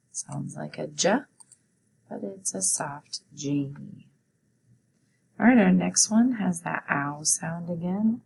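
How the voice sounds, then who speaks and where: A woman teacher leading a spelling lesson for children, sounding out words and letters slowly and deliberately. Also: sits low, creaky, a little hiss or hum.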